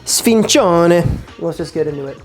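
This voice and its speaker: A man's voice: sits high, normal speed, a little mellow, faint music behind. A man hosting a casual cooking vlog in a kitchen, talking in an enthusiastic, slangy, chatty way. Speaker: cooking show host.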